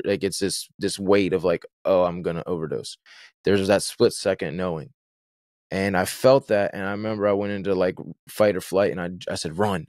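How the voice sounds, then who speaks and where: A man's voice: deep voice, no echo, studio quality. A man, a podcast guest, talking through a personal story in a rambling, casual way, full of fillers and slang. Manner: rambling, filler-heavy, slangy with frequent "like" and "bro".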